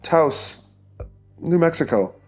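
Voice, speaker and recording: A man's voice: fairly high pitch, expressive, slow pace, voice pushed up. A man voicing a terrified middle-aged man in an audiobook, stammering and pleading in a raised, strained voice.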